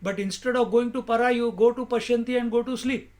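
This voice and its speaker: A man speaks in a strikingly high voice as a spiritual teacher. He gives a calm discourse and leans on rhetorical questions. His pace is measured and his points are made with emphasis.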